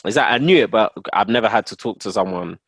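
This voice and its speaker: A young man chatting casually with friends, animated and quick to laugh. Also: lowish voice, breathy edge, no room sound. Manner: animated, laughs often, repeats himself. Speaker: podcast co-host. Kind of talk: casual chat among friends.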